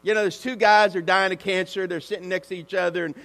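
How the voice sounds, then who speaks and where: A male pastor preaching an animated, conversational sermon that calls out to the congregation. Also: high-pitched, fast talker, big-room sound.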